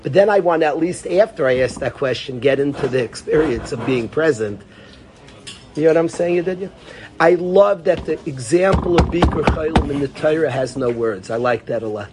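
Sex: man. Role: teacher of a religious class. Style: informal Torah class. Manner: conversational, repetitive, calls students by name. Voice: somewhat high for a man, light background noise. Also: expressive, moderate pace. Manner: conversational, repeats phrases, addresses students by name.

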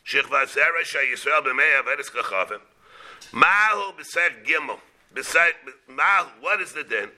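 Bright-voiced rabbi giving a Talmud class. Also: male voice, on the high side, expressive. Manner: halting, repeats words, mixes Hebrew and Aramaic terms into English.

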